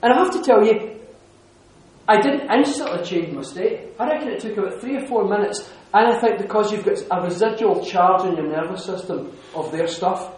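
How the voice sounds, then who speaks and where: A man telling a lively story to an audience, laughing often and restarting his sentences. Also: high voice, normal speed. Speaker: speaker giving a talk. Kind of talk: lively anecdotal talk to an audience. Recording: echoey hall.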